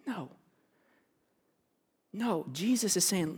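Animated man preaching a sermon. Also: sits high, normal speed. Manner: animated, addresses congregation directly, acts out biblical characters. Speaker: pastor.

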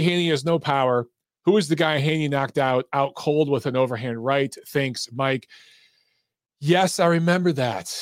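A man hosting a live boxing stream, talking casually with callers and reading chat, relaxed and profane, laughing easily. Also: mid-range voice, dry recording, studio quality. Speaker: boxing show host.

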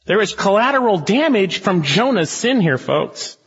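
Man preaching emphatically with rhetorical questions; raised, husky voice; muffled sanctuary recording. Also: sits high, big pitch swings, normal speed, a bit bright, big-room sound. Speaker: pastor. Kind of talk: expository sermon.

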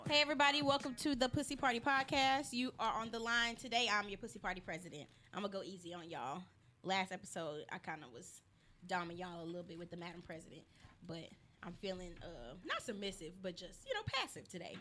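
A woman's voice: mid-range voice, lively intonation, fast, bright, forceful tone, a little hiss or hum. Brash joking woman hosting a podcast. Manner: brash, joking, laughs often. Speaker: podcast host. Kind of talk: casual chat. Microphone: studio mic.

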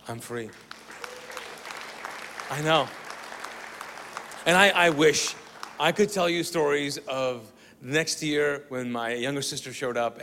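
A man from the Middle East preaching a sermon, telling a story with acted-out dialogue and moving between loud bursts and quiet, hushed lines. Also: mid-range voice, slight background noise. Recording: long reverb of a large hall.

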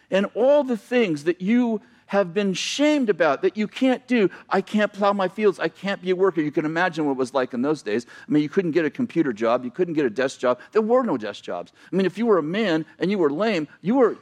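Pastor preaching with a higher voice. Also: male voice, a little mellow. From United States. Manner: storytelling with acted-out quotes, self-deprecating humor. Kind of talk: sermon. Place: church.

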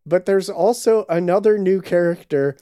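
A man co-hosting a casual podcast chat, explaining things in a relaxed, amused, drawn-out way. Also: high voice, clear, resonant tone, no echo, clean studio sound. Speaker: podcast co-host. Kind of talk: casual chat about anime.

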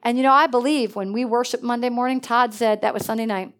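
This is a woman preacher whose voice sits a little high. She tells stories from the pulpit with lots of animation. She lifts into excited exclamations, then drops to a near hush to make a point. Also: fast. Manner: animated, swings between excited exclamations and hushed asides. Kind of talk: storytelling sermon.

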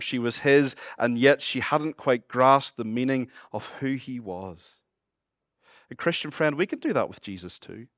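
Man, Northern Irish accent, pastor preaching, middle-pitched voice, dry close sound, jokey asides and quiet earnest appeals. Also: no echo. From Northern Ireland. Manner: shifts between lively humorous asides and hushed earnest appeals. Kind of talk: sermon.

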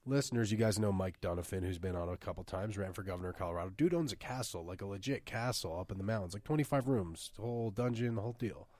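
A man with a low voice hosts a podcast and tells a story in an excitable way. The recording is close and dry, with no room around him. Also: fast talker, few pauses, dry recording. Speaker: podcast host. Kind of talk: casual chat.

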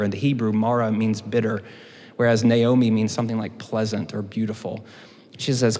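A man's voice: medium pitch, fairly even intonation, fairly quick. A man teaching a sermon in a conversational way, with joking asides to the congregation. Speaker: teaching pastor. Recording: hall reverb.

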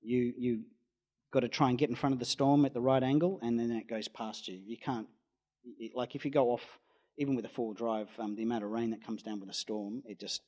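A man's voice: mid-range voice, fairly even intonation, a little fast. A man with an Australian accent, a storm chaser telling a rambling anecdote in an interview. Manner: rambling storyteller, acts out quoted voices loudly.

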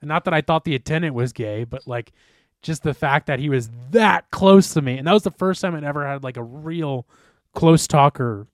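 Young guy rambling thru a story, kinda high voice, swears a lot, dry close mic. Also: normal speed, dry recording. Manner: rambling, animated, swears casually, lots of "like". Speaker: podcast co-host. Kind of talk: casual storytelling chat.

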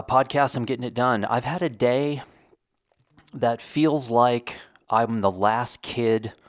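A man's voice: fairly low pitch, dry recording, studio quality. A middle-aged man hosting a solo podcast, talking casually with rambling, wry, self-deprecating humor. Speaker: podcast host.

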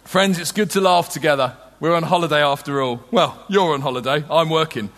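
A man's voice: a little high, fairly quick, a bit bright. A middle-aged British man preaching a sermon, conversational and humorous, telling stories to a crowd. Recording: long hall reverb.

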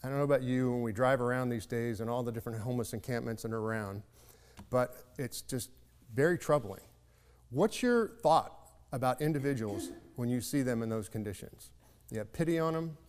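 A man's voice: medium pitch, animated, fairly quick, a little mellow, clean tone. A man preaching a sermon, telling a story in an earnest, reflective way and shifting his pace for emphasis. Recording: long reverb of a large hall.

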